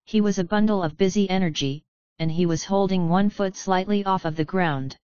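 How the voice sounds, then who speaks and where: A woman narrating a story in a steady, measured reading. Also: medium pitch, clear, resonant tone, no echo, lo-fi sound. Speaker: audiobook narrator. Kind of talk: scripted narration.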